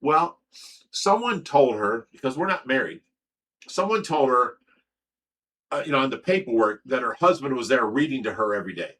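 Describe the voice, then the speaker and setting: A man's voice: mid-range voice, animated, normal speed, fairly bright tone, recorded from a distance. Rambling man, a bit off-mic. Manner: rambling, stammering repeats, many fillers. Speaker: livestream host of a fish rescue. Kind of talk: casual livestream storytelling.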